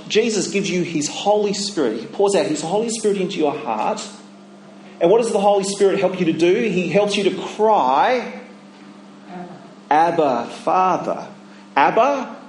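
A man preaching a sermon, emphatic and full of rhetorical questions, dropping his voice low when he voices inner thoughts. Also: darkish tone, a little hiss or hum. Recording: echoey hall, faint ambience.

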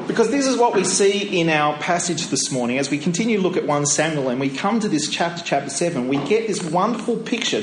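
A man's voice: a little high, slight background noise. A middle-aged man preaching a sermon in a church, telling a story in a conversational way and asking rhetorical questions. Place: church sanctuary. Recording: roomy church echo.

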